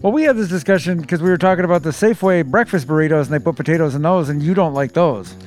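A man with a notably high voice joins easygoing podcast banter, tripping over his first words before his point comes out. Faint music runs behind him. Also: darkish tone. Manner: halting, repeats words when starting a sentence. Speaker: podcast co-host. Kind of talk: casual chat.

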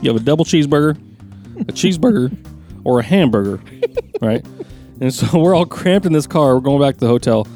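A man telling a family story on a casual show, animated and swearing, jumping into loud, high impressions of his dad. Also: brisk, faint music behind.

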